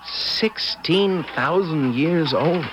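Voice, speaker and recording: A man's voice: mid-range voice, big pitch swings, a little slow, noisy background. An actor playing an earnest, timid village boy who stammers and worries aloud. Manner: stammering, anxious, easily upset.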